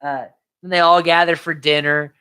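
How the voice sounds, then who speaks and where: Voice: mid-range voice, steady tone, moderate pace, bright, forceful tone, clear, resonant tone. A co-host casually retelling movie scenes on a podcast, slipping into quoted character voices. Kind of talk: casual movie recap chat.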